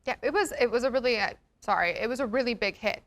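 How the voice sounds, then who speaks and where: A woman's voice: fairly high pitch, quick pace, fairly bright tone. A woman co-hosting a talk show, chatting and explaining in a casual way. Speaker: co-host. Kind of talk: casual entertainment chat.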